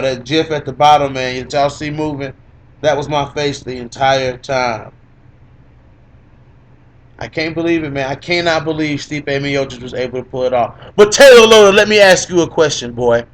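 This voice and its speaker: A young man with a fairly high voice gloats through a casual fight recap on a podcast. He teases his co-host, repeats his points again and again, and laughs often. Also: a bit bright. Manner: teasing, boastful, repeats lines for emphasis, laughs a lot. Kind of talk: gloating casual MMA commentary.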